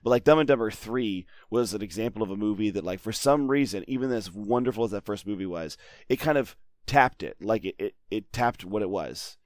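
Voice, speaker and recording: A man's voice: lowish voice, animated, fairly quick, no room sound, clean studio sound. A man co-hosting a podcast in casual chat, rambling with restarts and quoting movie lines. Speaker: podcast co-host.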